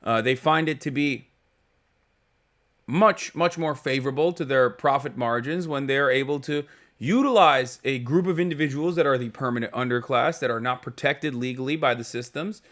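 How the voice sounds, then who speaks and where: A man's voice: medium pitch, normal speed, a bit bright. A man streaming live, reacting to news clips with emphatic, profane, rambling commentary full of fillers. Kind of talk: casual political commentary.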